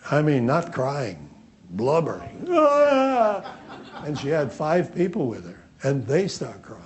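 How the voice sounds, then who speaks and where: A man's voice: medium pitch, sing-song, measured pace, a little mellow. A man teaching a workshop class, telling anecdotes in a loose, repetitive way and acting out the dialogue. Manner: storytelling, acts out dialogue, repeats himself. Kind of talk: anecdotal seminar lecture.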